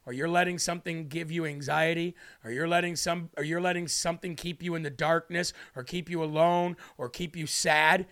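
A man's voice: a little high, fairly even intonation, a little fast, hardly any pauses, a bit bright. A man preaching an emotional livestream sermon, pleading and repeating questions for emphasis.

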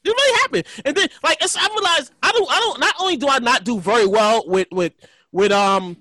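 A man telling stories in a casual chat, animated and profane, often repeating himself. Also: very high voice, brisk, dry recording, studio quality.

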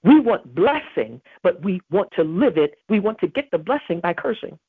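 Earnest woman preaching on her podcast, kinda husky, dry tinny phone-ish sound. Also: on the low side, sing-song, moderate pace, no room sound. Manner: earnest, emphatic, quotes scripture. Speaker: podcast host. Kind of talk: devotional preaching.

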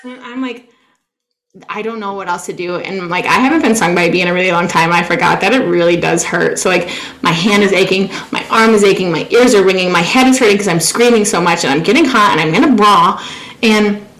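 A woman co-hosting a podcast, telling a story in a casual, animated way, full of "like" and acting out what she said. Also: mid-range voice, a little fast. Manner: animated, peppered with "like", acts out her own quotes. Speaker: podcast co-host.

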